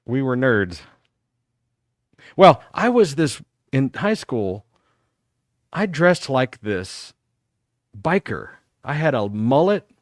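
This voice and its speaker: A man's voice: mid-range voice, slow, pauses often, dry recording. A man in his fifties from Texas hosts a live call-in talk show, swapping old school stories with a caller. His voice swoops up and down as he tells them, and the sound is close and dry, with no room around it. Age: 50s. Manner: animated, reminiscing storyteller.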